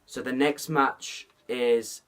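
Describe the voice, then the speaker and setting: A man rambling his way through a casual vlog, stumbling over names and restarting often. His voice sits at an ordinary pitch, and at times he plays up mock fright. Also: fairly even intonation, slow, a bit bright. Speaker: host. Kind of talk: casual vlog commentary and spoof skit.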